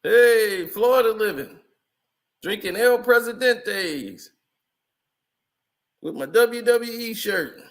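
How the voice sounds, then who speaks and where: A man with a high, bright voice talks loosely over old photos. He chuckles often and tells stories in easy slang, like casual vlog commentary. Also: animated, takes it slowly, long pauses. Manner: chatty, laughs often, loose slangy storytelling. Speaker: vlogger.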